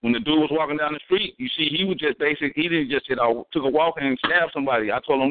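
A man telling stories in a casual chat, animated and profane, repeating words as he thinks. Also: a little high, quick pace, hardly any pauses, dry recording. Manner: animated, acts out voices in his stories. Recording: tinny phone-like sound, dry.

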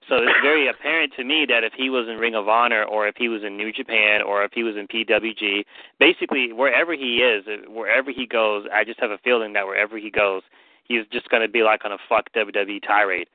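A man's voice: lowish voice, fast talker, no echo. A man co-hosting a podcast, rambling with swearing in casual chat. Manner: rambling, profane, animated. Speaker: podcast co-host. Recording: dry, tinny phone-like line.

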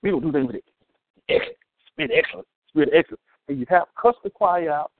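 Lively, high-pitched male preacher on a thin line. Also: fast talker, vocal fry, dry recording. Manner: animated, humorous preaching with call-outs to the congregation. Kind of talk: sermon. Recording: thin phone-like sound, dry.

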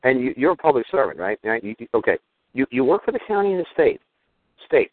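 A man's voice: mid-range voice, sing-song, quick pace, dry recording. A man hosting a call-in show, talking in a rambling, emphatic and blunt way. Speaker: radio show host. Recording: dry tinny phone-line sound.

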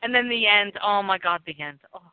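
A man's voice: high-pitched, brisk, smooth, no echo. A man hosting a podcast, chatting casually and gushing, often laughing. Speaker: podcast host. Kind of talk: casual chat. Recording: tinny phone-like line.

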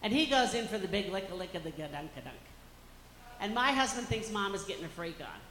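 A woman's voice: mid-range voice, big pitch swings, fast talker, a bit bright, slight background noise. A woman performing a bawdy stand-up comedy set on a club stage. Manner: bawdy, brash punchlines. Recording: echoey club with reverb.

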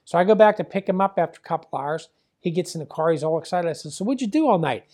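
An older man from the Pittsburgh area tells a long family story in an interview. He rambles and keeps reporting back-and-forth dialogue with "he goes" and "I says." He sounds like a plainspoken father remembering things out loud. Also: fairly high pitch, animated, fast talker. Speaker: former wrestling promoter and father.

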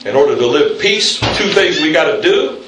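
A man preaching a sermon in a church, calling on the congregation for responses and jumping up in pitch for emphasis. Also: expressive, moderate pace, noisy background. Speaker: pastor. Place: church sanctuary. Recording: very echoey room, mic at a distance.

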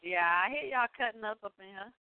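A woman's voice: medium pitch, a little fast. A woman calling in to a radio show as a poet, sassy, profane and teasing. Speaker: caller, poet. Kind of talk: call-in radio chat. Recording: tinny phone line with hiss.

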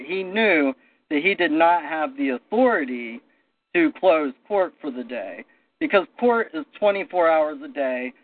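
A man's voice: a little high, no room sound. Storytelling man on a tinny line. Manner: animated anecdotal storytelling. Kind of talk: casual storytelling. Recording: tinny phone-line audio.

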